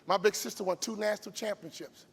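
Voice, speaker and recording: Casting: high, gravelly male motivational speaker from Chicago, booming in a reverberant arena. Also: steady tone, fast. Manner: emphatic, preacher-like cadence with shouted peaks. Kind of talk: motivational keynote. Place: large event arena stage. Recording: long hall reverb from live arena.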